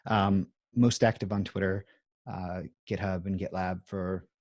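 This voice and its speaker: A low-voiced man in his thirties talks over a video call from his home music room. He rambles in a self-deprecating way, with lots of ums and uhs. The sound is dry and close. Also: level tone, measured pace, darkish tone, dry recording, lo-fi sound. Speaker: interview guest. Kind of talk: casual chat.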